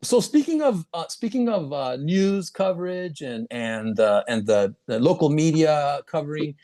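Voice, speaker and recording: A man hosting a casual interview, talking in a halting way with many restarts and quick laughs. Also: a little high, animated, mellow. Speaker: podcast host.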